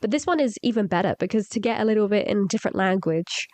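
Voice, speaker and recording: Young woman, podcast co-host, easy explanatory chat, middle pitch, dry close recording. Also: lively intonation, fast talker, darkish tone, no echo. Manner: conversational, explains at length. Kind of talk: casual chat.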